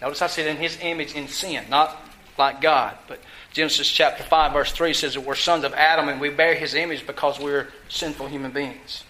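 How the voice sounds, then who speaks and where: A man preaching a sermon, teaching from scripture with emphasis and putting questions to his listeners, drawing some words out slowly for stress. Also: a little high, steady tone, pushed and bright, a little hiss or hum, low-quality recording. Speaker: pastor.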